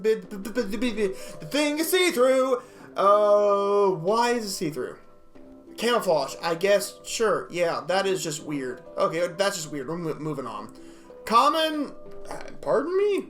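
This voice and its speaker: A man reacting to animal clips in a jokey, excitable way, reading facts aloud, often laughing and stumbling over words. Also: sits high. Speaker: video reactor.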